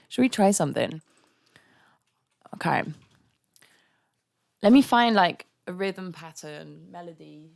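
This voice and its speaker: A woman's voice: lowish voice, animated, takes it slowly, vocal fry, long pauses, a little mellow, no room sound, clean studio sound. A young woman streaming live, chatting candidly and ranting with frequent laughter. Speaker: songwriting livestreamer. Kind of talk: casual livestream chat.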